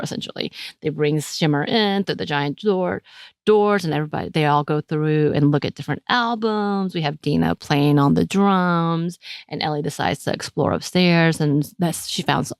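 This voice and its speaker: A woman's voice: low voice, no room sound, studio quality. A woman co-hosting a podcast, chatting animatedly as she recaps a TV episode, often restarting her sentences. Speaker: podcast co-host. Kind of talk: casual chat recapping a TV episode.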